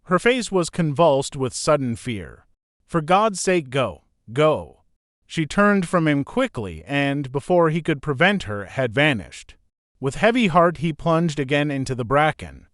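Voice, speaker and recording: A man narrating a gothic audiobook in an expressive storytelling manner. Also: on the high side, measured pace, no echo, clean studio sound. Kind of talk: scripted narration.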